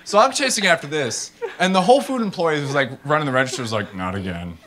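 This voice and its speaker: A man gives a casual, animated talk to an audience, full of fillers and acted-out voices. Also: on the high side, quick pace, heavy background noise. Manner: animated storyteller, acts out people in funny voices. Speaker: startup founder giving a talk.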